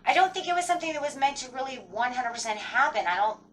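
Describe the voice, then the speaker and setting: A woman's voice: sits high, expressive, fast, a bit bright, distant mic, a little hiss or hum, rough recording. A woman giving a casual tarot reading, rambling and full of fillers like "kind of" and "like". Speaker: tarot reader.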